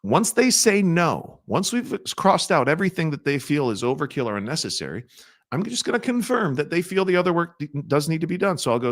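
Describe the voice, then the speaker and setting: A middle-aged man teaching a sales training, asking his audience questions and acting out soft-spoken sales lines. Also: a little high, sing-song, fairly quick.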